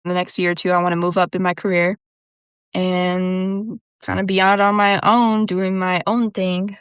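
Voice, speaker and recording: A woman's voice: fairly low pitch, level tone, normal speed, smooth, no echo, clean studio sound. A young woman hosting her own podcast, talking casually on her own, laughing often and peppering her speech with "dude" and "like.". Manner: chatty, laughs often, says "dude" and "like" a lot. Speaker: podcast host. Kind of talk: casual solo monologue.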